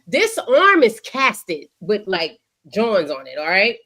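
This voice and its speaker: Woman, podcast co-host, casual sports talk, animated, profane, mid pitch. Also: takes it slowly. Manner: animated, profane, acts out what players said.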